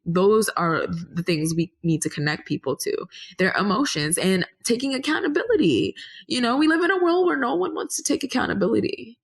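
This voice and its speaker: A woman's voice: a little high, animated, moderate pace, vocal fry, husky. A woman answering interview questions in an earnest, meandering way, restarting her sentences and rising in energy when she makes a point. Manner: rises animatedly when making a point. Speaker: podcast guest.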